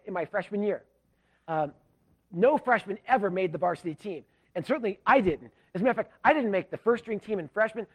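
A pastor from Southern California telling a self-deprecating story in a sermon, animated and full of restarts. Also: male voice, high-pitched. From Southern California, USA.

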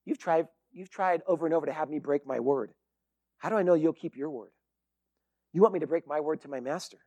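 Firm, loyal young shepherd, high male voice, told by a preacher. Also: a little fast, darkish tone, highs cut off, natural voice.

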